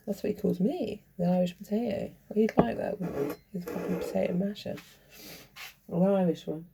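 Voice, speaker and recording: A woman vlogger in a rambling casual monologue, chuckling often and bickering with herself, with a gravelly voice. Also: medium pitch, normal speed, mellow, a little hiss or hum.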